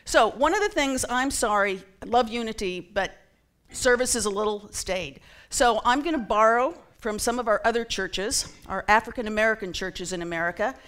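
A woman's voice: on the high side, moderate pace, a bit bright. Chatty self-mocking woman giving a talk. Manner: self-deprecating, chatty, lots of ums. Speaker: church member giving a talk. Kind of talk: casual sermon talk to a congregation. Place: church sanctuary.

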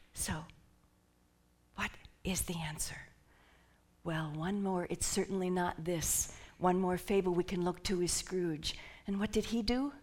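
A woman minister with a fairly low, husky voice gives an animated sermon. She drops to whispers and rises to shouts while leading the congregation in call and response.

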